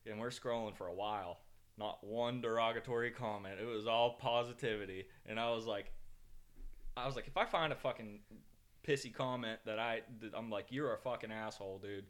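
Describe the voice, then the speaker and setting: A man's voice: mid-range voice, a little fast, a bit bright. A man co-hosting a podcast, telling rambling stories in casual chat, swearing freely and making mock threats. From northern United States. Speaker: podcast co-host.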